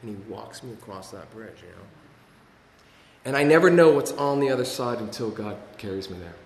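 A man giving an earnest personal recovery talk, halting, with many restarts and repeated words. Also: mid-range voice, expressive, darkish tone. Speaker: recovery speaker sharing his story. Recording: echoey hall, faint room noise.

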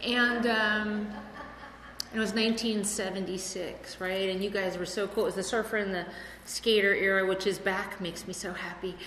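A woman's voice: mid-range voice, steady tone, moderate pace, a bit bright, slight background noise. A speaker from Chicago sharing her story at a recovery meeting, rambling and chatty with lots of fillers, recorded in a meeting hall. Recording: echoey hall with room ambience.

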